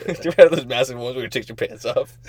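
A man's voice: fairly high pitch, darkish tone, a little hiss or hum. A young man co-hosting a casual podcast, telling jokes and laughing often as he talks. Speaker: podcast co-host.

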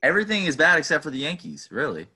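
A man's voice: on the high side, wildly swooping pitch, fast talker, pushed and bright, husky. A young man co-hosting a sports podcast, giving his picks in a casual, hesitant way with many restarts. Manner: hesitant, restarts, offhand opinions. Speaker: podcast co-host.

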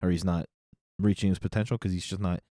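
A man's voice: deep voice, fairly even intonation, fast talker, dark tone, dry recording, studio quality. A middle-aged man co-hosting a podcast in casual chat, rambling and correcting himself, often laughing. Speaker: podcast co-host.

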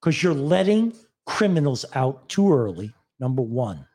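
An older man, spinning a story in relaxed chat and slipping into other people's voices as he goes. His voice swings widely in pitch. The tone is dark and mellow. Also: a little slow, breathy edge. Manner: animated storyteller, mimics an old Italian man. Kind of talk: casual chat.

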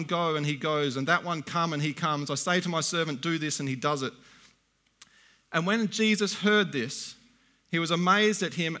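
A middle-aged man delivering a sermon in a bright, slightly higher voice. He reads scripture slowly and deliberately, then breaks into plain, conversational asides to his listeners. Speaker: preacher.

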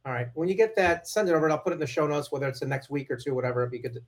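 Male podcast host, slightly high voice, encouraging, chimes in with quick agreements. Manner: encouraging, quick short affirmations. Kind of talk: casual interview chat.

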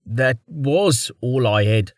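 A man's voice: fairly high pitch, normal speed, a little mellow, no room sound, voice pushed up, lightly acted. A man putting on a jittery weaver with a raised, eager-to-please voice that bows to every word. He sounds nervous and formal, recorded dry and close with no room sound. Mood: flustered. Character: anxious humble middle-aged male weaver.

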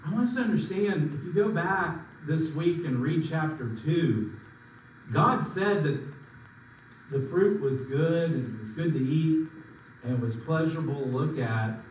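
A man preaching in a fairly high voice, pressing his points with sudden rises and drops. He is heard from a distance in a very echoey hall, with a faint hum of room ambience behind him. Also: expressive, measured pace. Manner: emphatic preaching with sudden swings in pitch and volume. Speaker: pastor. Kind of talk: sermon.

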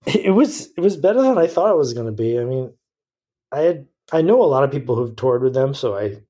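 A man's voice: mid-range voice, very animated, fairly quick, mellow, husky. A man as a podcast guest, talking frankly in a rambling way, often restarting and correcting himself. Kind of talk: casual interview chat.

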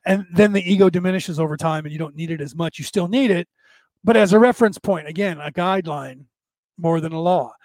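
A man with a fairly high voice hosts a loose spiritual talk, speaking right into a desk microphone. The sound is dry and close, with no room around it. He circles back on his words and sometimes sinks to a near whisper for an aside. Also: fairly quick, dry recording. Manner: conversational, repeats and restarts, drops to a hush for asides. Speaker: spiritual podcast host. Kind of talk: casual spiritual talk to a live chat.

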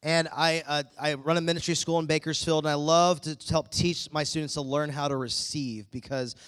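A man preaching a sermon, telling a story with lively acted-out dialogue, a middle-aged pastor. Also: on the high side, normal speed, clear, resonant tone, no room sound, studio quality.

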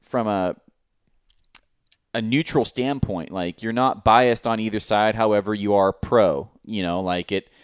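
A man hosting a podcast, rambling and halting with many restarts. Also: fairly low pitch, clear, resonant tone, dry recording, clean studio sound. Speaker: podcast host. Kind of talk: casual podcast conversation.

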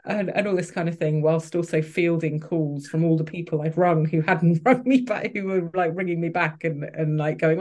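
A woman's voice: on the low side, normal speed, dark tone. Candid woman telling her story. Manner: open, emotional, many restarts and fillers. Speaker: podcast guest.

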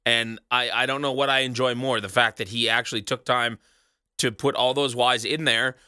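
A man's voice: mid-range voice, fairly even intonation, normal speed, sharp tone, clean tone, no room sound, clean studio sound. A man hosting a solo wrestling recap show, rambling and sarcastic, swearing casually as he talks alone in a small booth. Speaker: wrestling podcast host.

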